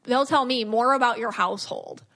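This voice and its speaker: A woman in her thirties hosting a podcast, telling stories in a lively, chatty way with many fillers. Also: fairly high pitch, normal speed. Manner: animated storytelling with many fillers. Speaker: podcast host and psychic reader. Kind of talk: casual podcast chat.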